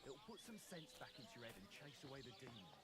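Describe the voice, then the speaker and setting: A man's voice: medium pitch, sing-song, fast, natural voice. An actor playing a crude, bawdy medieval drinking man who mocks his friend and sings lewd rhymes in a video game. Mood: mocking. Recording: loud outdoor nature noise.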